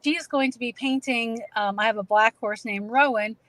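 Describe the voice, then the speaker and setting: Chatty New England woman, a bit high. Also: normal speed, a bit bright, no echo, poor audio. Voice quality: chatty, many fillers and restarts. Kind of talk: casual video chat.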